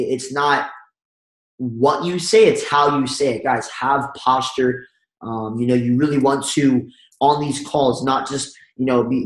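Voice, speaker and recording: A man giving an energetic sales training talk and acting out phone calls as he coaches his audience. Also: fairly high pitch, reverberant, low-quality recording. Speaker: network marketing trainer.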